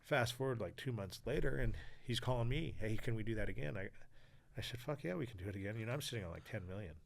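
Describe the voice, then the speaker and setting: A man's voice: on the low side, animated, quick pace, creaky. A man in his forties from California, a podcast guest telling a story with energy, acting out other people's lines and swearing freely. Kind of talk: storytelling interview.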